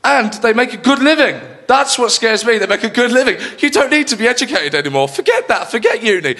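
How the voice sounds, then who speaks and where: A man doing stand-up comedy on a studio stage, animated, rambling and mocking. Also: very high-pitched, fairly quick. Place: studio comedy stage before a live audience. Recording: live audience laughter and room noise.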